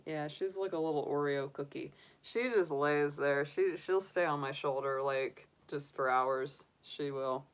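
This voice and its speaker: A woman's voice: low voice, a little slow, few pauses, clear, resonant tone. A middle-aged woman, a tarot reader, chatting casually on a stream, gushing and cooing and laughing easily. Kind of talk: casual chat on a live stream.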